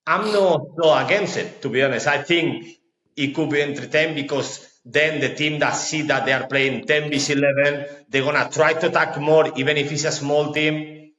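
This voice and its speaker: Male podcast co-host, calm contrarian, mid pitch, recorded in a reverberant room with a dull sound. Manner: calm, halting, restarts phrases; teasing, plays devil's advocate. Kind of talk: football podcast chat. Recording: roomy echo, dull sound.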